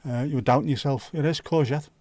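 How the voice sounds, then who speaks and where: A man hosting a livestream, chatting casually with viewers and cracking sweary jokes and quick asides. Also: medium pitch, darkish tone, no room sound. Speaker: livestream host. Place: home livestream setup.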